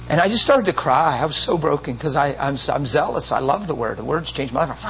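A man's voice: a little high, lively intonation, a little fast, vocal fry, few pauses, noisy background. A man preaching a sermon in an emotional, emphatic storytelling manner. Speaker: pastor.

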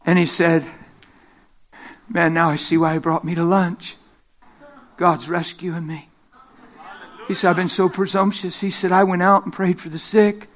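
A middle-aged man preaching a sermon, telling stories with lively energy, laughing and acting out the voices of the people in them. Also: high-pitched, measured pace, long pauses. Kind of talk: sermon with storytelling. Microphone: handheld microphone.

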